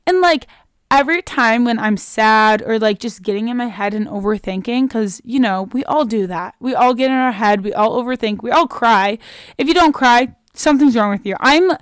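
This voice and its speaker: Young woman doing her own podcast, kinda high voice, chatty and emotional, lots of "like", super dry close sound. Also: normal speed, clear, resonant tone, no echo. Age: young adult. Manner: chatty and earnest, many "like" fillers; openly emotional, self-motivating. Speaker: podcast host. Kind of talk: casual solo podcast monologue.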